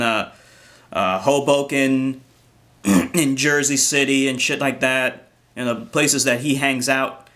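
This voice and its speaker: A man's voice: mid-range voice, fairly bright tone. A man delivering a ranting commentary vlog in an indignant, profane tone, often restarting his sentences. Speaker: commentary vlogger.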